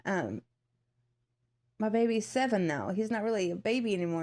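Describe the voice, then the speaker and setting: A woman's voice: medium pitch, expressive, moderate pace, a little mellow. A woman in her thirties chatting casually to her viewers, rambling with many fillers and restarts and acting out what others said. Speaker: vlogger. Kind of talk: casual storytelling to camera.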